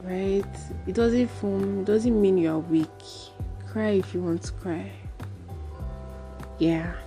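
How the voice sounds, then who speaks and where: A woman's voice: on the low side, mellow. A woman with a Nigerian accent hosting a solo podcast, ranting emphatically and repeating her points for stress. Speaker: podcast host.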